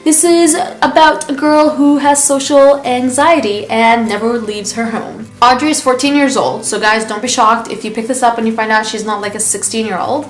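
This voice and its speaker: A woman's voice: on the high side, fairly even intonation, normal speed, hardly any pauses. A young woman vlogging about books, gushing and chatty, with lots of likes as she reads passages aloud. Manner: bubbly and gushing, with many likes. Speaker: book vlogger. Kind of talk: casual book review and reading aloud. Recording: roomy with faint music.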